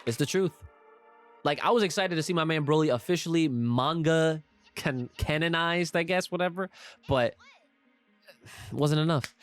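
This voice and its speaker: Young male podcast co-host, casual and animated, a bit high-pitched, light music bed. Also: moderate pace, long pauses. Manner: animated, swearing, laughing often, reads listener comments.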